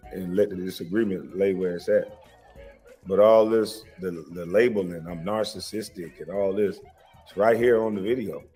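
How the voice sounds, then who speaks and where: A man's voice: on the low side, darkish tone, slightly rough, big-room sound. An American man giving casual reaction commentary, aggrieved and repetitive, swearing freely.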